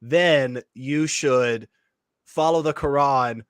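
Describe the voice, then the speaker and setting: A man's voice: mid-range voice, takes it slowly, clean tone, no echo, clean studio sound. A man co-hosting a casual talk show, blunt and incredulous, laughing often as he argues. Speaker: co-host. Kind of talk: casual debate chat.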